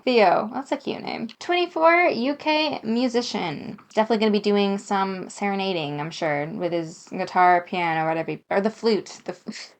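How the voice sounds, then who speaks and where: A young woman reading a dating game aloud and commenting on it with sarcastic, exasperated asides. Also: mid-range voice. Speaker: gamer.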